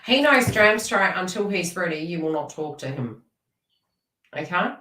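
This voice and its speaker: A woman's voice: lowish voice, very animated, moderate pace, a bit bright, echoey room, recorded from a distance, poor audio. A woman giving a live tarot reading, chatty and teasing as she talks to viewers by name. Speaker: tarot reader.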